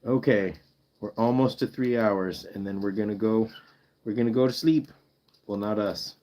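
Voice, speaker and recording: A man's voice: lowish voice, steady tone, normal speed, dark tone. A man chatting casually with viewers on a pet rescue livestream, playful and joking, sounding out foreign words for the chat. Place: home.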